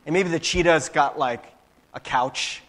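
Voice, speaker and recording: A male pastor preaching a casual, conversational sermon. He keeps tagging his points with "right?" and sometimes acts out quick little voices. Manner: casual, animated preaching with frequent "right?" tags; acts out voices with big pitch jumps.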